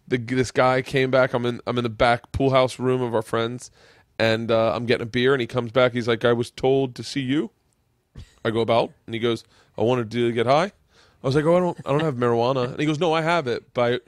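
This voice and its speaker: A man's voice: mid-range voice, no echo, clean studio sound. A man hosting a podcast in casual chat, telling swearing anecdotes and acting out the people in them. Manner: animated storytelling, acting out quoted voices; swears freely. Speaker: podcast host.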